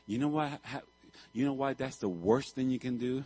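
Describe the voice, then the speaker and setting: A male pastor preaching a sermon, telling a story with animated swings and sudden loud outbursts. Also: medium pitch, normal speed, slightly rough, poor audio.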